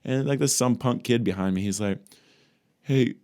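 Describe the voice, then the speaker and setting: A man's voice: mid-range voice, brisk, darkish tone. A man from Wisconsin co-hosting a podcast, chatting loosely and joking around with his co-host over a video call. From Wisconsin, USA. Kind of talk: casual chat.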